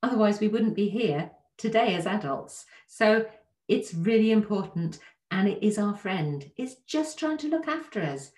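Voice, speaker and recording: A woman giving a gentle, reassuring self-help talk straight to the listener, often asking rhetorical questions. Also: mid-range voice, lively intonation, moderate pace. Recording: echoey room.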